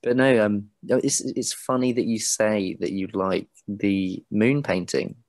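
A man's voice: fairly low pitch, fairly even intonation, unhurried, darkish tone, no room sound, lightly acted. A man voicing a woman who hosts a carnival ball, rambling and hesitant, fond and fretting over a young boy. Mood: grateful.

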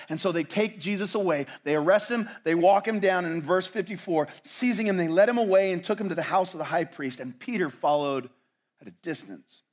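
A man preaching a sermon as pastor, swinging from loud, dramatic lines to hushed ones and asking his listeners rhetorical questions. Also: a little high, a little fast. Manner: asks the audience rhetorical questions.

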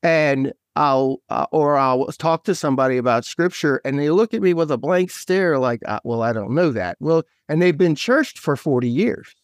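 Man, guest author, eager, scattered restarts, higher voice, dry sound. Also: moderate pace, few pauses, dry recording. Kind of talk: casual faith talk.

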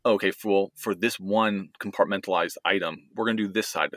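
Low, bright-toned man chatting casually. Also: steady tone, a little fast, dry recording, clean studio sound. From United States. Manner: easygoing, rambling, restarts often. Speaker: podcast co-host. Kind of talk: casual family chat.

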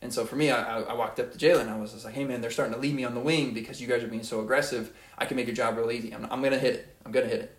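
A man's voice: mid-range voice, fairly even intonation, rapid-fire, few pauses, reverberant. A young man giving an earnest, rambling motivational monologue as a podcast host, often repeating his phrases.

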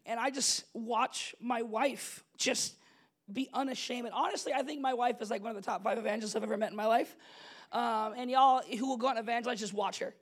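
A young adult man preaching a casual, story-driven sermon as pastor, animated and conversational, laughing often and checking in with the congregation. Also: extremely high pitch, husky. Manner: animated, conversational, laughs often, asks "you know what I'm saying?".

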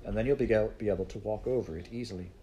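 Firm old storybook grandfather, read by a male narrator, low and mellow. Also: very fast, a little hiss or hum, close to an everyday voice. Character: gruff, protective old grandfather.

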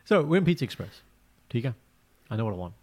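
A man chatting casually as a podcast co-host, telling stories and acting out quotes in lively voices. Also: medium pitch, fast. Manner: animated storyteller, acts out quotes. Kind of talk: casual chat.

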